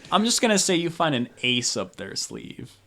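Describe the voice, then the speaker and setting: A man's voice: a little high, very animated, normal speed, a bit bright. Rambling young man running a tabletop game. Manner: rambling, many fillers. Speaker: game master.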